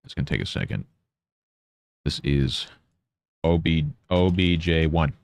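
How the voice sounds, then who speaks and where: A man's voice: extremely low pitch, unhurried, creaky. A man streaming while he works, muttering to himself and playfully scolding his pet. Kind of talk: casual live-stream chatter.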